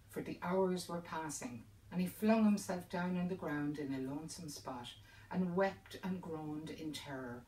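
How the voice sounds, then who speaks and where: A woman's voice: low-pitched, darkish tone, a little hiss or hum. A woman, reading a folk tale aloud in a dramatic, lilting storytelling manner. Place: indoors by a fireside. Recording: roomy sound, distant mic, faint ambience.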